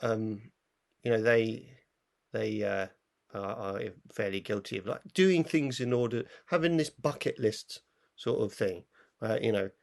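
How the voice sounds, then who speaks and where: A man's voice: lowish voice, measured pace, vocal fry. A man co-hosting a film review show, talking in a rambling, casual way full of fillers and restarts. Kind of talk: casual chat.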